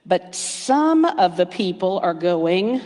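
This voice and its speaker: A middle-aged woman minister giving a sermon, storytelling warmly with playful asides and hushed emphasis. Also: lowish voice, sing-song, slow. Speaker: guest speaker minister. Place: church sanctuary. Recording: reverberant hall.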